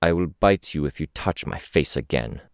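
A man's voice: rumbling low, expressive, moderate pace, smooth, dry recording, clean studio sound. A man voicing a hulking, impatient masked man who talks in a growl. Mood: impatient, gruff.

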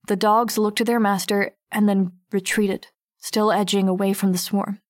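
A woman's voice: mid-range voice, normal speed, no echo, clean studio sound, lightly acted. A woman voicing a wary teenage girl narrating her story. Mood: tense. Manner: steady, tense storytelling. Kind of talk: first-person audiobook narration.

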